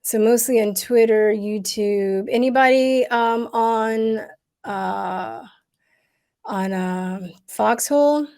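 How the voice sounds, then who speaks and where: A woman with a fairly high, darkish voice hosts a casual livestream, talking to viewers with many pauses, fillers and restarts, and growing emotional at times.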